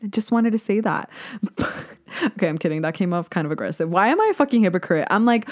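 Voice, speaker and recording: A young woman hosting a solo podcast, talking in a blunt, casual, animated rant with plenty of swearing. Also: mid-range voice, quick pace. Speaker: podcast host.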